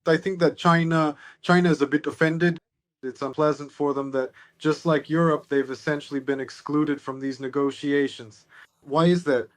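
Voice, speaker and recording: A man's voice: a little high, steady tone, normal speed, no echo. A man giving political analysis as an interview guest, sardonic and expansive.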